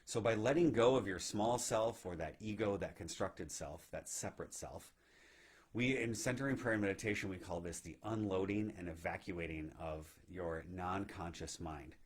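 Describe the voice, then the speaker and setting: Low, husky-voiced man teaching meditation. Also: normal speed. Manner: gentle, reflective, frequent "right?" check-ins. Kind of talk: spiritual teaching talk. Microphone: live video stream.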